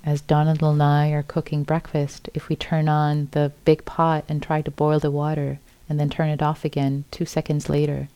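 A middle-aged woman giving a gentle, repetitive dharma talk as a meditation teacher at a retreat center. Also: low voice, dry recording.

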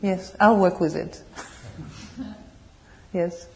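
A woman with a French accent tinged with British English, giving a meditation talk and answering questions in a gentle, searching way. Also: fairly low pitch, steady tone, very slow, vocal fry. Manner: gentle, searching, laughs softly, asks the audience questions. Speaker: meditation teacher. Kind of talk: dharma talk with Q&A. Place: meditation hall.

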